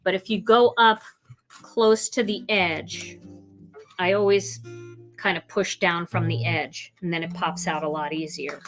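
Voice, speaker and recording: A woman's voice: lowish voice, steady tone, a little slow, a bit bright, soft background music. Gushing, chatty woman demonstrating crafts. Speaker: card-making host.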